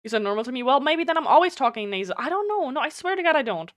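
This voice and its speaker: A chatty German-accented woman streams a game, talking very fast in a high voice with big swings in pitch. Her smooth, clear tone has a slight nasal edge and sounds close and dry on a desk mic with no echo. She chats bluntly on the live stream and swears freely.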